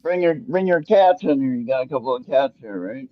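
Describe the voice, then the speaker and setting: A man's voice: mid-range voice, lively intonation, brisk, no echo. Easygoing male host, dull lo-fi sound. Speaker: podcast host. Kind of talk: casual podcast interview.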